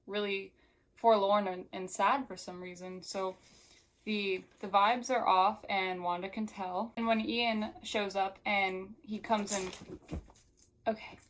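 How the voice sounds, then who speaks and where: Woman, book reviewer, chatty, filler-heavy, middle pitch. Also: fairly even intonation, unhurried, slight background noise, rough recording. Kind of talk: casual book recap with read-aloud passages.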